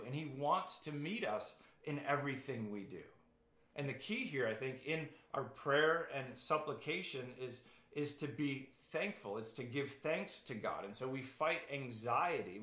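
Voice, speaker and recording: A man preaching a sermon, earnest and halting, with frequent restarts. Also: mid-range voice, fairly bright tone. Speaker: pastor. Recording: echoey room.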